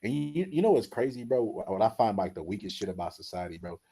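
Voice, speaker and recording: A man with a fairly low voice hosts a relaxed podcast chat. He talks in loose street slang, drops "bro" into nearly every sentence, and acts out stories with lively quotes. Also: quick pace, gravelly, slightly rough. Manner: loose slangy talk, says "bro" constantly. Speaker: podcast host. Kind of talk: casual chat.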